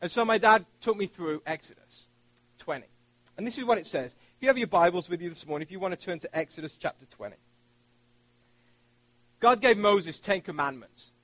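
High-voiced man preaching a sermon. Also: lively intonation, fairly quick, pauses often, fairly bright tone, no echo, poor audio. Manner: storytelling, joking with the congregation. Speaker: pastor.

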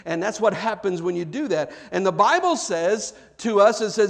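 A man preaching a sermon, animated and joking, acting out quoted voices, then dropping to soft earnest tones for serious points. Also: sits high, normal speed, vocal fry, few pauses. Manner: animated, acts out quoted voices, jokes with congregation. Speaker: pastor.

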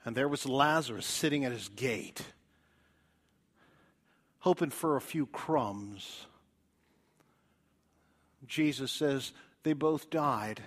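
A male preacher giving a dramatic evangelistic sermon in a church, swinging from loud appeals to hushed whispers. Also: mid-range voice, slow, pauses often.

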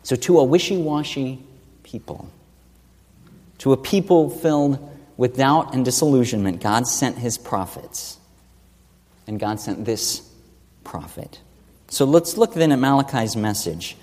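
A man's voice: medium pitch, measured pace, darkish tone. A man preaching an expository sermon, teaching earnestly and asking rhetorical questions. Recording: long reverb of a large hall.

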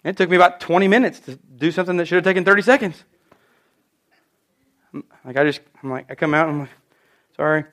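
Male preacher, light high voice, emphatic storytelling sermon. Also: brisk, long pauses, fairly bright tone.

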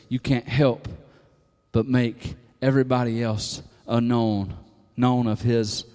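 Preaching man in a reverberant hall. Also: medium pitch. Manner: preaching, swings from hushed to shouted emphasis. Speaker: pastor. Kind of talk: sermon.

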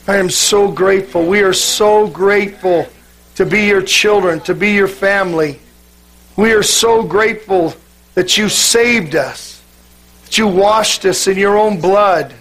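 A man's voice: sits high, a little slow, a bit bright. A man pastor, joking with his congregation and then leading fervent worship in prayer. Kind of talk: sermon.

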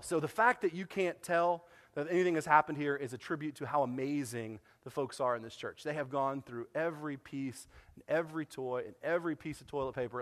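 A man, a pastor telling a story to his church in a lively sermon, acting out what people said. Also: mid-range voice, in a large hall. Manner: animated storytelling, acts out quoted dialogue. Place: church sanctuary.

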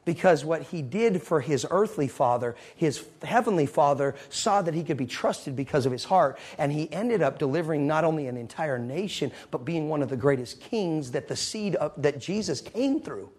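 A man preaching a sermon, telling a story and swinging between loud moments and hushed ones. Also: on the high side, expressive, normal speed, hardly any pauses, husky.

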